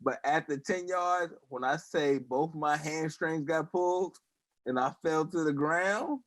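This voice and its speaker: A man's voice: fairly high pitch, a little slow, no room sound. Dry-sounding podcast host, a man. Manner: loose, slangy storytelling, asks others in turn. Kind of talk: casual chat.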